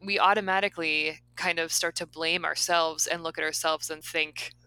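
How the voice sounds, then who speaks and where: A woman's voice: deep voice, steady tone, normal speed, pushed and bright, smooth, poor audio. A woman co-hosting a casual podcast conversation, talking thoughtfully and hesitantly with many fillers as she asks questions. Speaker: podcast co-host asking the questions.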